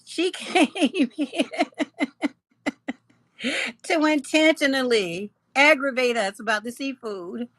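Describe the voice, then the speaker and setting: A woman's voice: sits high, slow pace, long pauses, fairly bright tone, no echo. Laughing, teasing woman livestreamer. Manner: laughs often, teasing and chatty. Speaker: livestream host. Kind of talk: casual live chat reading comments.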